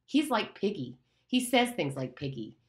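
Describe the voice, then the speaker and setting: A woman's voice: medium pitch, sing-song, normal speed, echoey room, voice pushed up, lightly acted. A woman voicing a proud, hot-tempered boy who leads the hunters, bossy and defiant in an audiobook reading.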